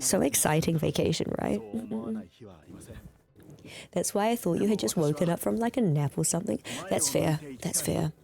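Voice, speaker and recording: Young woman streamer, low-key, throaty and a little gravelly, chatty and giggly. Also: moderate pace, warm tone. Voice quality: throaty, slightly hoarse. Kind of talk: casual chat with viewers. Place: home streaming room. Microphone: close streaming mic.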